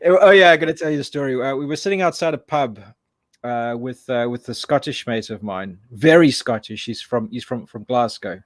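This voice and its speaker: A man from the United Kingdom, a guest in a casual chat, telling anecdotes in a relaxed way with many fillers. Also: medium pitch, a little fast, no room sound, clean studio sound.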